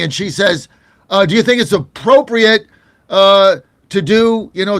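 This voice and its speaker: A man's voice: high voice, a bit bright, dry recording. An American man hosting a political talk show, chatting casually and indignantly, often laughing.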